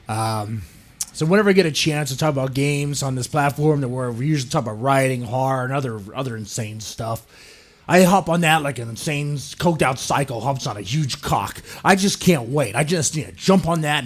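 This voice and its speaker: A man hosting a podcast, ranting crudely and profanely, mocking others in sudden loud put-on voices. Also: medium pitch. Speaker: podcast host. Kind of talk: ranting solo podcast commentary.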